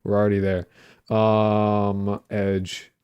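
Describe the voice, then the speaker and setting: Rambling young man streaming, slightly low voice. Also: completely flat delivery, slow pace, clear, resonant tone, dull audio. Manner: rambling, filler-heavy, swears casually; playful, jokey banter with chat. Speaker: streamer and indie game developer. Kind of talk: casual livestream chat while coding.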